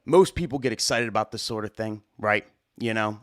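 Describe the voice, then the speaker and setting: A man's voice: lowish voice, a little fast, no echo, clean studio sound. Rambling, profane man telling DJ stories. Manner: rambling, profane, filler-heavy, excitable. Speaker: wedding DJ and show host. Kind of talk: casual storytelling.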